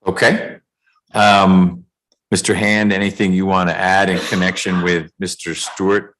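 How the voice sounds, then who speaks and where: A man presiding as judge over a remote court calendar hearing, speaking in a measured way with dry jokes, over a video call. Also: low voice, little pitch movement, a bit bright, slight background noise, low-quality recording.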